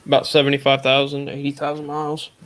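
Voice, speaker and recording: A man's voice: mid-range voice, completely flat delivery, fast, a bit bright. A man hosting a casual live stream, teasing his guest with dry jokes. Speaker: host.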